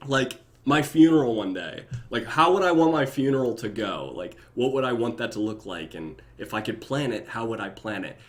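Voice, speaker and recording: Animated young man chatting on a live stream. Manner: animated, laughing often, shifting into goofy high voices. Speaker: YouTube reactor. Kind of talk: casual live stream chat.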